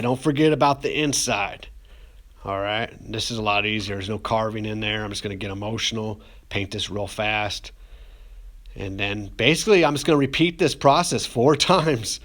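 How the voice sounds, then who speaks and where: A man's voice: medium pitch, fairly bright tone. A man teaching ceramics, talking through a glazing demonstration in a loose, rambling, joking way with many fillers. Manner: casual, rambling, says "getting emotional" as a joke. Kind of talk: classroom demonstration video.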